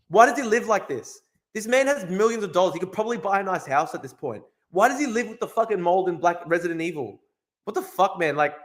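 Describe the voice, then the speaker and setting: A man hosting a casual livestream, ranting in a profane, incredulous way and repeating himself. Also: fairly high pitch. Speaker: streamer host.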